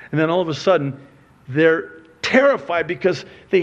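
A male pastor preaching a sermon, telling stories with rhetorical questions and swinging from hushed low asides to loud, high exclamations. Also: moderate pace. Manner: animated storytelling with rhetorical questions.

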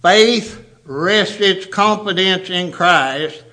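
A man's voice: high voice, very slow, sharp tone. A man preaching a sermon, emphatic, repeating words for stress.

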